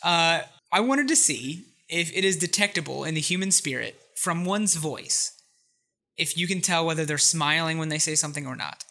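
Excitable podcast cohost, crisp bright voice, keeps restarting sentences. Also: mid-range voice, moderate pace. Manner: excitable, laughs often, rambles with restarts. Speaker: podcast co-host. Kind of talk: casual podcast chat.

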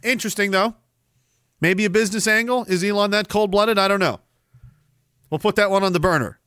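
A man's voice: high voice, a little fast, pauses often, fairly bright tone, smooth, no echo, studio quality. A man from Canada hosting a livestream, reading chat messages and ranting sarcastically with plenty of swearing. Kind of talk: casual live-stream talk.

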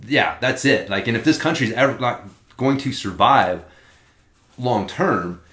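A man's voice: medium pitch, lively intonation, unhurried, a bit bright. Profane, rambling man in a roomy space. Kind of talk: casual chat. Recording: roomy echo.

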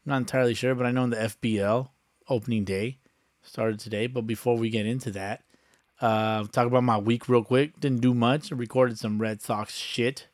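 A man's voice: medium pitch, steady tone, moderate pace, no echo. A young adult man hosting a casual solo podcast, talking loose and profane with lots of fillers into a close mic. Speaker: podcast host.

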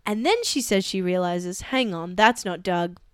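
A woman co-hosting a comedy podcast, telling gossip in an animated way and acting out the people she quotes. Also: fairly low pitch, measured pace, clear, resonant tone, no room sound, studio quality. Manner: animated storyteller, acts out quoted voices. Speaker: podcast co-host. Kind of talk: casual comedic chat.

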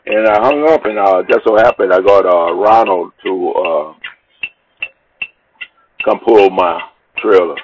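A man's voice: on the low side, normal speed. A man telling a long, rambling personal story in casual, profane speech, acting out the people in it. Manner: rambling, profane, animated retelling with quoted dialogue. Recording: dull lo-fi recording with faint noise.

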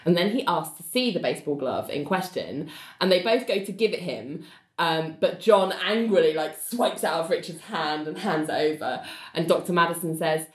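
A woman recaps a TV episode for a podcast, her pitch leaping around as she retells the scenes. She breaks into the characters' lines with an animated, chatty delivery. Her voice carries the echo of a bare room. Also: normal speed. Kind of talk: casual chat.

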